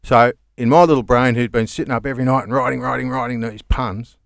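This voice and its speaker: A man's voice: medium pitch, steady tone, quick pace, creaky, dry recording, studio quality. A comedian man with an Australian accent, telling rambling stories in casual chat, laughing and swearing as he goes. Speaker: comedian guest.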